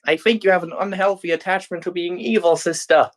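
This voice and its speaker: A bubbly young AI girl heroine from a fan story, high-pitched and full of squealing excitement, as a man puts her on. She stays upbeat and cocky even when facing down her rival. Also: a little fast, close to an everyday voice. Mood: determined.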